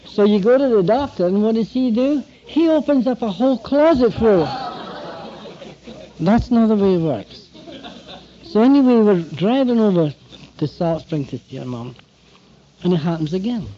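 Mellow-voiced man telling stories. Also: high-pitched, moderate pace, pauses often. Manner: animated anecdotal storytelling, acts out quoted dialogue. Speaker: speaker addressing therapists. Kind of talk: storytelling lecture. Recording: dull lo-fi recording.

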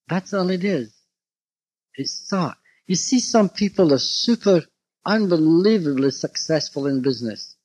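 A man giving a storytelling lecture to therapists, animated and anecdotal, acting out bits of dialogue. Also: on the high side, no room sound. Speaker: speaker addressing therapists. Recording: dull lo-fi recording.

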